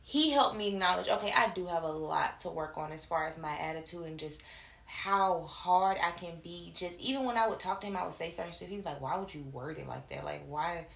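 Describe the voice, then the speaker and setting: A woman co-hosting a casual podcast, talking in a blunt, candid, slangy way. Her voice is bright and forward. The sound carries a noticeable room echo. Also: fairly low pitch, a little fast, gravelly. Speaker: podcast co-host. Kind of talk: casual chat.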